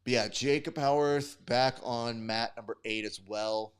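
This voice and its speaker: A man's voice: medium pitch, measured pace, smooth. A young man hosting a live stream, giving sport commentary in casual, chatty, profane banter. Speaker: host.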